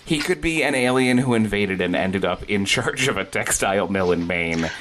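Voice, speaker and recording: A man co-hosting a podcast, agreeable and quick to laugh, trading jokes in casual chat. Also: fairly low pitch, animated, fairly bright tone, a little hiss or hum. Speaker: podcast co-host.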